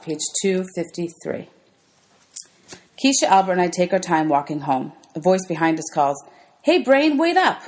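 A woman teacher reading a children's novel aloud to her students in a gentle, clear storybook manner. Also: deep voice.

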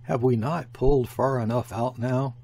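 A man's voice: medium pitch, steady tone, moderate pace, vocal fry, mellow, slightly rough. A man reading the part of a worn-out convict who has been rowing a boat. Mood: tired. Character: weary grateful male convict, exhausted rower.

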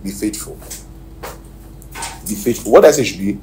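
Emphatic Nigerian pastor in an echoey hall. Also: male voice, lowish voice, lively intonation, normal speed. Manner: emphatic preaching, swinging from shouts to near-whispers. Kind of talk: sermon. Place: church hall. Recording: echoey hall, distant mic, faint noise.

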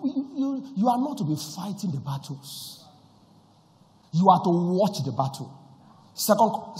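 Pastor guy preaching, really lively up and down, echoey church hall. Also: sits high. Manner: swings from quiet storytelling to shouted decrees. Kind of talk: sermon with personal story.

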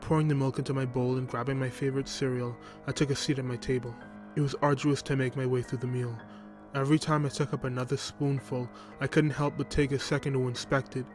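A man narrating a first-person horror story in a steady, even storytelling manner. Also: medium pitch. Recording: music bed under voice.

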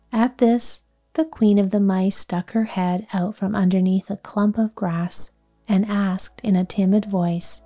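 Woman narrating a whispered bedtime story reading, soothing and hushed, very slow, dark mellow tone, faint music beneath. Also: medium pitch, fairly even intonation.

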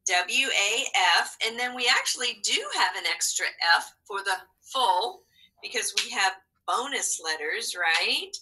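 A woman's voice: mid-range voice, expressive, a little slow, pushed and bright, husky, low-quality recording. A woman teaching a phonics and spelling lesson to young children, encouraging and patient with sing-song prompts.

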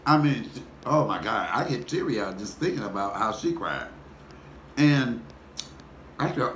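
A man, telling a personal story in a folksy, animated way while talking to his viewers. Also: medium pitch, moderate pace. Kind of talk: casual storytelling mukbang. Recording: echoey room with faint background noise.

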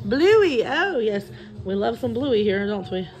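A woman's voice: mid-range voice, lively intonation, unhurried, soft background music. A woman hosting a vlog, chatting playfully with a child and often breaking into laughs. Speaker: vlog host. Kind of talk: casual chat with a child.

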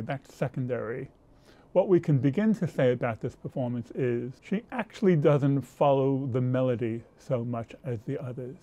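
A man hosting a music commentary, introducing performances in a calm, explanatory way. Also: on the high side, lo-fi sound.

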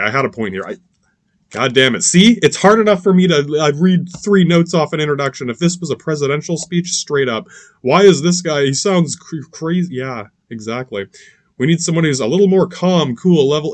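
A man's voice: fairly high pitch, lively intonation, brisk, no room sound. A man hosting a podcast in a casual, profane rant, rambling with many restarts, asides and curses. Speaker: podcast host.

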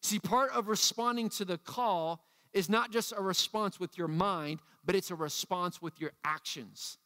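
A man preaching a youth sermon as pastor, energetic and acting out the voices he quotes. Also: high voice, unhurried, in a large hall.

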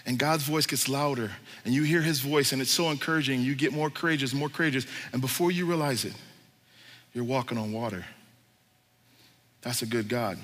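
A man's voice: mid-range voice, fairly quick, a bit bright. A man pastor preaching a sermon in a casual, joking way with slang. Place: church hall. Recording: reverberant church hall.

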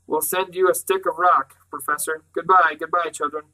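A friendly, good-humoured woman, as a man reading a storybook puts her on. Bright, fairly high voice with a breezy manner. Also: little pitch movement, normal speed, faint music behind, rough recording. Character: friendly, grinning woman artist.

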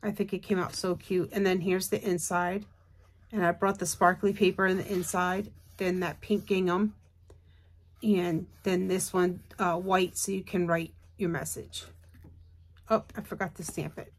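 A woman's voice: fairly low pitch, flat delivery, unhurried, husky. Tired, chatty woman crafter. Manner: chatty, rambling, with many fillers. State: tired and yawning. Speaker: craft channel host. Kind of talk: casual show-and-tell chat.

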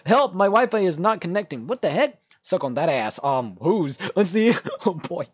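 A young man hosting a casual livestream, reading chat aloud and answering viewers, shifting from mumbled asides to loud excited outbursts. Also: sits high, moderate pace, a little hiss or hum. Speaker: livestream host.

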